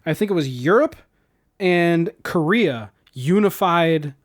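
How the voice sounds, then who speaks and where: A man co-hosting a podcast, retelling a movie's plot in loose, rambling chat. His voice sits a little high for a man, and he swears freely and gets animated as he recounts scenes. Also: takes it slowly. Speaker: podcast co-host. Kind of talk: casual movie-recap chat.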